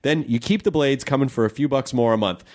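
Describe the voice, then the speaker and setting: A man's voice: mid-range voice, fast, a little mellow. Playful jokey male podcast host. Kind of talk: casual podcast chat and ad reads.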